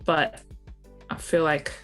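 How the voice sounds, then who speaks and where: A woman's voice: slow pace, faint music behind. A woman from Australia, playful and self-deprecating, chatting casually on a livestream while she draws. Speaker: streamer and artist.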